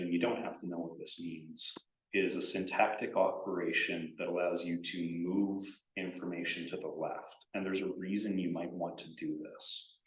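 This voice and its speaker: A man giving a conference writing workshop in a casual, animated way, acting out example sentences. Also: deep voice. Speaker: workshop presenter. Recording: echoey room, distant from mic.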